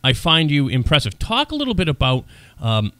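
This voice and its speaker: A man's voice: on the high side, wildly swooping pitch, a little fast, fairly bright tone, no room sound. A man hosting a radio talk show in the studio, chatting with a guest and joking at his own expense. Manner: chatty, self-deprecating banter. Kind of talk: radio interview.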